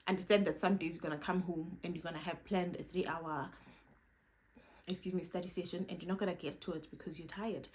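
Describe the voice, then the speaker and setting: A woman's voice: fairly low pitch, darkish tone, rough recording. A young woman giving casual, emphatic career and study advice in a vlog, repeating her points with playful asides. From South Africa. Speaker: vlogger.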